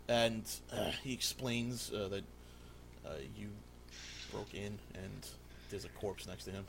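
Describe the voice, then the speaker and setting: A man's voice: on the low side, steady tone, unhurried, creaky, a bit bright, a little hiss or hum. Man narrating a tabletop game. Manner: casual, filler-heavy narration. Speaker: game master.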